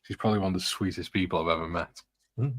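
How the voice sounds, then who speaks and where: A man's voice: deep voice, rapid-fire, a bit bright. A man casually rambling through anecdotes and reading chat on a live stream, chuckling often, in a room with the curtains closed.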